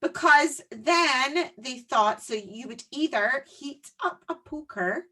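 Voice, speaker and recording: A woman co-hosting a podcast, telling stories in casual chat with animated delivery and frequent laughter. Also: sits high, slow pace. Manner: animated storytelling, laughing often. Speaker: podcast co-host.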